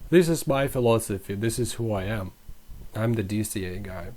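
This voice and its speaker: A young man hosting a crypto channel, rambling and self-mocking as he comments over charts. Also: moderate pace. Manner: rambling, self-mocking, animated swings in pitch.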